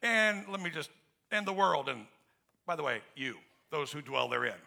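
Bright-voiced man preaching a sermon. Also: a little high, expressive, moderate pace, gravelly. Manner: asks the congregation to fill in his questions; emphatic and conversational, with frequent restarts. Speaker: pastor.

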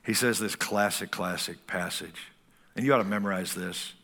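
A man's voice: low voice, moderate pace, pushed and bright. A man in his sixties preaching a sermon as pastor, folksy and full of stories.

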